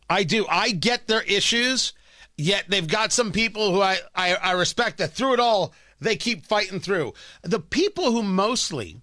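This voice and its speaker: Animated, opinionated male radio host. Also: high voice, no room sound, clean studio sound. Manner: emphatic, opinionated, repeats phrases for effect. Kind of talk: political talk radio commentary.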